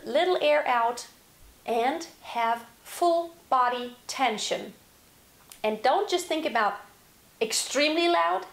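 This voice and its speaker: Singing teacher with a roomy echo. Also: female voice, on the high side. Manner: explains with demonstrations, yelling examples. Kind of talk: vocal lesson.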